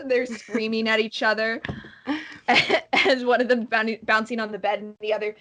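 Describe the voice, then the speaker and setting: A woman running a tabletop game as game master, with a voice set a little above the usual range for women. She lays out scenes in long, unhurried descriptions and often stops on fillers to find the next detail. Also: a little high, little pitch movement, a bit bright, slight background noise.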